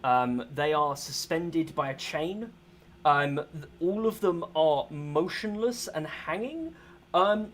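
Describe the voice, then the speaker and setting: A man narrating as game master in a tabletop game, relaxed and filling pauses with "um". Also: high-pitched, slight background noise. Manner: relaxed, many "um"s, laughs easily.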